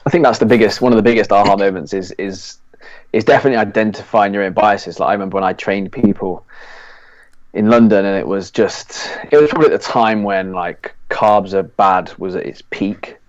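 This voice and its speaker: A fitness coach chatting on a podcast, reflective and relaxed, with sudden emphatic bursts. His voice is fairly low, and the recording is dry and a little dull. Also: brisk, no echo. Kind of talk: casual podcast chat.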